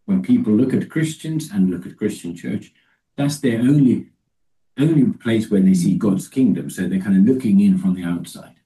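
Deep, dark-voiced male preacher. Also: far from the mic, rough recording. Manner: halting, with many restarts and fillers; reads scripture slowly and deliberately. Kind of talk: Bible teaching talk.

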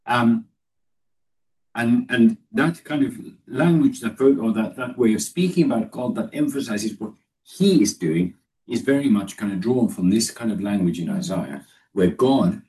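A man's voice: fairly low pitch, a little mellow. A man giving a discursive, explanatory Bible study lesson, with the voice recorded from a distance. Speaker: Bible teacher.

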